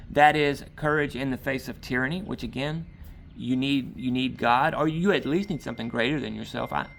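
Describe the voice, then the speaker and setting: A man's voice: medium pitch, vocal fry, fairly bright tone, slight background noise. A man preaching an informal sermon outdoors, talking in a loose, conversational way with frequent asides. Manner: conversational, rambling, frequent "all right". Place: outdoors in a yard.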